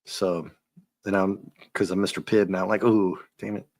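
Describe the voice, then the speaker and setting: A man hosting a casual comic book review, joking and animated, often breaking into silly voices. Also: low-pitched, normal speed, no room sound, clean studio sound. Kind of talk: casual chat.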